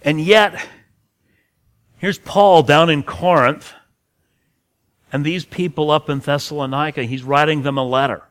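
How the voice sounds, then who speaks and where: A slightly high, somewhat bright male voice delivers expository Bible teaching a little slowly, with fairly even intonation and long pauses. The preacher is earnest, stressing key words and sometimes restarting phrases.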